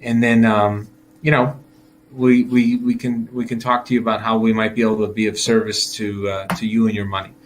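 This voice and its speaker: A man's voice: on the low side, level tone, a little fast, slight background noise. A man hosting a casual market-wrap video as a financial advisor, talking loosely with fillers and chuckling as he acts out investors' thoughts. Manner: chatty, laughs while acting out investors' thoughts.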